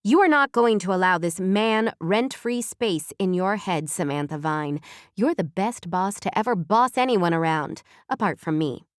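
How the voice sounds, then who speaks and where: A woman's voice: medium pitch, expressive, moderate pace, dry recording, clean studio sound, close to an everyday voice. A woman voicing a sassy, loyal female friend in an audiobook, speaking firmly and teasingly. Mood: scolding.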